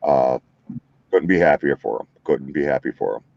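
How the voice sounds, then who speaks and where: An older man, a podcast guest, talking in a halting way, with restarts, about family. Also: very deep voice, vocal fry, no room sound, highs cut off. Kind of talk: casual chat.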